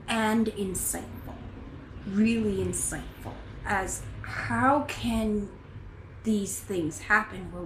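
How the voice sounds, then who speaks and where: A woman chatting casually on her knitting podcast, earnest and rambling as she talks through her thoughts. Her voice sits at an ordinary middle pitch. The room rings with noticeable echo, and a faint hiss of background noise sits underneath. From United States. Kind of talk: casual chat.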